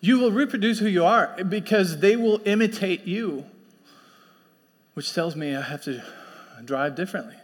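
A pastor preaching a sermon in a conversational, storytelling way, slipping into quoted voices. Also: male voice, high voice, lively intonation, moderate pace, long pauses. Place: church sanctuary. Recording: long church hall reverb.

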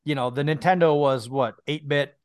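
A man's voice: on the high side, moderate pace, clear, resonant tone, dry recording. Guy cohosting a podcast, rambly, keeps repeating words, dry close mic. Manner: rambling, repeats words when starting a thought. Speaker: podcast co-host. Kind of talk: casual chat.

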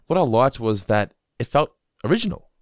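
A man's voice: mid-range voice, sing-song, brisk, no room sound, clean studio sound. A man co-hosting a chatty podcast, reviewing an episode and running the listener contest segments with enthusiasm. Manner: enthusiastic, runs segments and scores. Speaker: podcast co-host. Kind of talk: casual chat.

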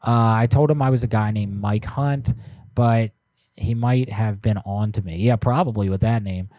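Speaking at a normal speed in a lowish, mellow voice, a male co-host of a prank call stream reads viewer submissions aloud. The recording has no room sound, and his banter stays casual and jokey.

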